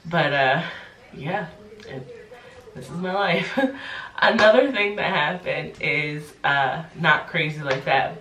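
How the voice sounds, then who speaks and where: Young woman, stuffy nose, chatty vlogger, bright tone, roomy sound. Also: low-pitched, far from the mic. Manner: chatty storytelling, lots of "like". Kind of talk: casual pregnancy update vlog.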